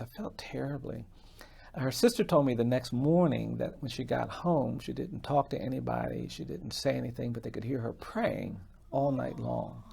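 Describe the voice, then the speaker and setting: A man as a podcast guest, telling a story in a quiet, measured way. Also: medium pitch, creaky, breathy edge. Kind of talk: storytelling in a conversation.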